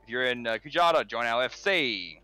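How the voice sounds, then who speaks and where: A man's voice: medium pitch, animated, fairly quick, bright, forceful tone. Laid-back man chatting over game music. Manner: laid-back, swears casually. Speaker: co-host of a gaming channel. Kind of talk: casual gaming chat.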